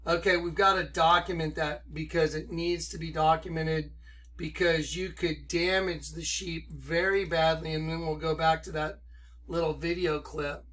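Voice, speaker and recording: A man preaching excitedly to an online audience, firing rhetorical questions and commenting on a clip. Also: fairly high pitch, moderate pace.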